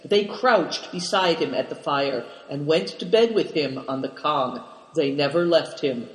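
A man's voice: on the high side, measured pace. A man reading a story aloud as a narrator, voicing the characters' lines with mild shifts in tone. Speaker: audiobook narrator. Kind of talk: scripted narration. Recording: roomy with long reverb.

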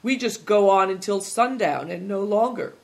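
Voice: medium pitch, expressive, normal speed, creaky. A reader voicing a cheerful, easygoing travelling man in an audiobook. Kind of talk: audiobook character reading.

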